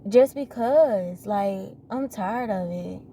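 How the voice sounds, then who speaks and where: Here a young female vlogger in her twenties addresses viewers head-on, airing her frustrations casually while repeating herself and asking rhetorical questions. She speaks slowly at a medium pitch with a mellow tone, and slight background noise can be heard.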